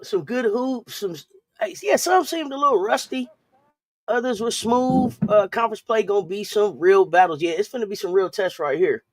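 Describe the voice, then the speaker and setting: A woman's voice: mid-range voice, animated, normal speed. A woman leads a laid-back sports chat on a live stream, speaking loosely and circling back over her own words. Her voice is close and dry, with no room echo. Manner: loose and chatty, repeats and restarts phrases, greets viewers in chat.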